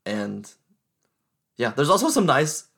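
A man's voice: medium pitch, very animated, takes it slowly, creaky, fairly bright tone, husky. Young man chatting casually about movies. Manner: laughing, self-conscious joking. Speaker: podcast co-host.

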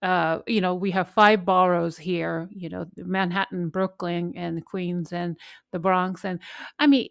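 A woman's voice: on the low side, no room sound. Chatty woman host, dry sound. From lives in New York City. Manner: conversational, many fillers like "you know". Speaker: interview host. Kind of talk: interview questions.

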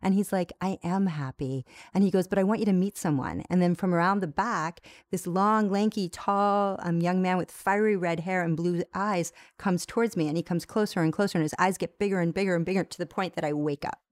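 A woman who teaches yoga, telling a long personal story as an interview guest, lively and full of restarts. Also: lowish voice, a little fast, hardly any pauses, dry recording. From United States. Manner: animated storyteller with many restarts. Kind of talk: storytelling in a conversation.

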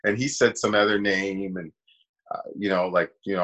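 A man's voice: sits low, moderate pace, fairly bright tone, slightly rough, dull audio. A man, an actor, casually telling a long personal story in an interview and acting out the voices of people he quotes. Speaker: actor guest.

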